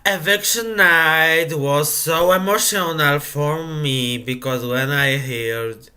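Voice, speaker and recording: Tearful man, slow and bright. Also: a little high. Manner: emotional, halting English. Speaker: game player. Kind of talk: confessional.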